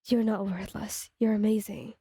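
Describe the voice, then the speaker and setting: A woman voicing a kind, loyal teenage boy hero in a soft, partly whispered role-play. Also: medium pitch, steady tone, slow pace, husky, dry recording, studio quality. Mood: comforting.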